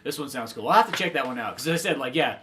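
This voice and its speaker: A man co-hosting a podcast in casual chat, easygoing and quick to laugh. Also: mid-range voice, expressive, bright, forceful tone, a little hiss or hum. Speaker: podcast co-host.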